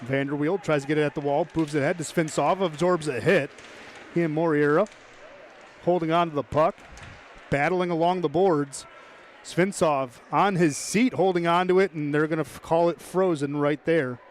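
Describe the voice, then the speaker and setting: A man calling live hockey play-by-play, brisk and chatty, tossing in joking asides. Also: fairly high pitch, steady tone, slight background noise. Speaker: play-by-play commentator.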